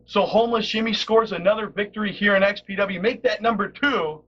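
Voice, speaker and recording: High-pitched excitable wrestling commentator man. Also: a little fast. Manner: animated, teasing his co-host. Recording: dull lo-fi TV broadcast audio with noise.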